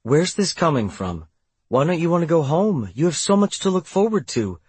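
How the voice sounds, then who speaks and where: A man's voice: fairly high pitch, very animated, normal speed, a little mellow, husky, dry recording, pitched above the performer's own voice. A male audiobook narrator voicing a young woman guardian who talks to a child in a patient, coaxing but firm way.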